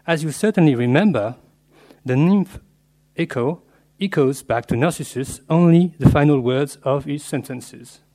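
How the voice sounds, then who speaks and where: A man delivering an academic lecture on literature, read from a prepared paper in a measured, scholarly way with Latin and French terms woven in. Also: a little high, warm tone.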